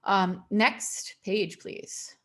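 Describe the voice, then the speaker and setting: Woman doing a resume webinar on a call, emphatic, says stuff twice, mid pitch. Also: steady tone, fairly bright tone. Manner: emphatic, repeats warnings, quick laughs. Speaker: webinar presenter.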